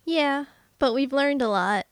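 A woman's voice: high voice, unhurried, dry recording, clean studio sound. A woman co-hosting a podcast in casual chat who laughs easily. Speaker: podcast co-host.

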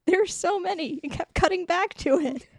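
A woman's voice: very high voice, normal speed, creaky, no room sound. A woman co-hosting a casual movie podcast, retelling scenes and acting out characters' lines with frequent laughter. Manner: animated, acts out characters' lines, laughs often. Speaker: podcast co-host. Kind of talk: casual movie recap chat.

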